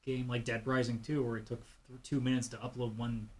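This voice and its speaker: Man, from Canada, podcast host, fast talker, rambling storyteller, mid-pitched voice. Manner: rambling, animated storytelling with acted-out quotes. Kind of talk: casual podcast chat.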